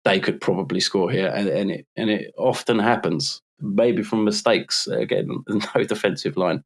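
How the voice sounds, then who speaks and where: London bloke chatting football on a pod, fairly low voice, teasing and laughy. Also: male voice, moderate pace, vocal fry. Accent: London English. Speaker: podcast co-host. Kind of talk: casual chat.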